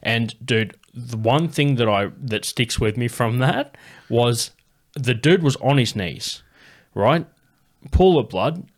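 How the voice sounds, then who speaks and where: A man's voice: mid-range voice, slow pace. A young man hosting a podcast, telling rambling, swear-filled stories in casual chat. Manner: swears a lot, rambling and animated storytelling. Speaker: podcast host.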